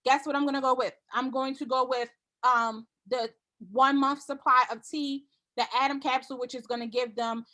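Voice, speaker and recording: A woman's voice: high voice, steady tone, moderate pace, sharp tone. A woman giving a casual sales training talk to her team, confident and repetitive, acting out customer conversations.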